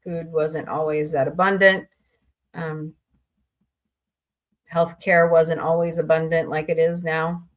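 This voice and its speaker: She speaks slowly in a deep, flat voice, leaving long pauses. Still, this middle-aged livestream host from Southwest Missouri is loose and talkative, rambling casually while responding to her chat.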